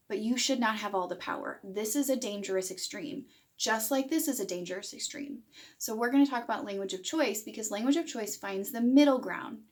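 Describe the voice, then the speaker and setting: A woman in her thirties giving a parenting lesson to camera, explaining plainly and acting out what a parent might say. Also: fairly high pitch. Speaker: parenting educator.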